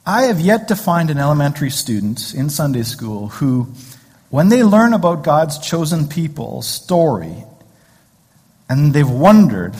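A man with a slightly high, darkish, husky voice speaks in a very animated but unhurried way. He's a pastor delivering a conversational sermon in a church sanctuary, tossing in jokes and rhetorical questions, and the hall adds long reverb.

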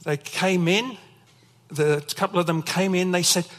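A man's voice: sits high, steady tone, normal speed, a bit bright, long reverb tail. A man preaching a sermon as pastor, telling personal stories as testimony. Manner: storytelling, emotional testimony.

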